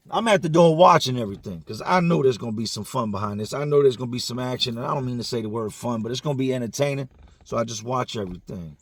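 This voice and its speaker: Male storyteller, casual and profane, slangy, gravelly, dry close sound. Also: medium pitch, no room sound.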